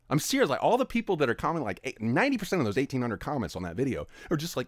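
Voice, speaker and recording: A man's voice: a little high, wildly swooping pitch, very fast, no echo, studio quality. A man giving an opinionated commentary rant, emphatic and exasperated, scolding his audience. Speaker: video commentator.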